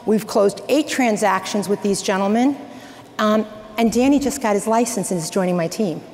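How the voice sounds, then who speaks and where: A woman's voice: mid-range voice, normal speed. Woman coaching a crowd on stage, echoey hall. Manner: energetic, direct, tells anecdotes to the crowd. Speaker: real estate coach speaker. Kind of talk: stage talk to a live audience. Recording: echoey hall, faint background noise.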